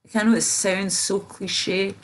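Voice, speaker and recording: A woman's voice: medium pitch, level tone, unhurried. A woman livestreaming in casual chat, drowsy and rambling, with many fillers and trailing off. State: drowsy, slurred.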